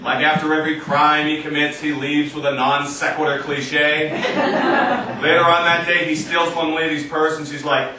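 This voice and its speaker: A man doing a deadpan stand-up comedy set in front of a live audience, acting out other voices. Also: a little high, moderate pace, crowd noise. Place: comedy stage in an arts center, live audience. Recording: echoey venue recorded from a distance, noisy.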